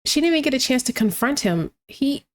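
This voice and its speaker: A woman casually commenting on her gameplay, chatty and lively, talking to the game characters as she goes. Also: sits high, a little fast. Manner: chatty, reacts aloud, talks to the game characters.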